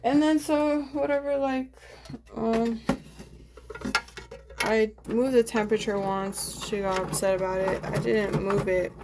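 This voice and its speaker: A woman's voice: on the high side, fairly even intonation, measured pace, long pauses. Brief: young woman, casual vlog rant, cursing and rambling, noisy home recording. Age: young adult. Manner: rambling, profane, frequent fillers. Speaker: vlogger. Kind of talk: casual venting monologue.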